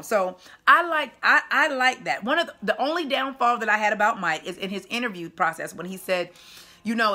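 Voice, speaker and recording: A woman's voice: fairly high pitch, lively intonation, a little fast, sharp tone. A woman dating coach giving casual video commentary in an emphatic, chatty way with punchy asides.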